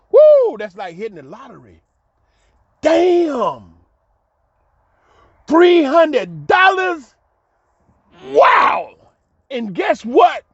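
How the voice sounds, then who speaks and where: A man's voice: high-pitched, no echo. A middle-aged man telling his own life story in a colloquial, exclamatory way, laughing often. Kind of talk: animated personal storytelling. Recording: dull lo-fi dry recording.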